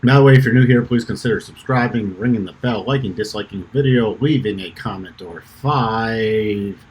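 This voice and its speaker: A man's voice: lowish voice, normal speed, a little hiss or hum, poor audio. Rambling man walking through stock charts. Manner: rambling, self-correcting, uses fillers. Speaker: trading channel co-founder and host. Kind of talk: casual chart analysis walkthrough.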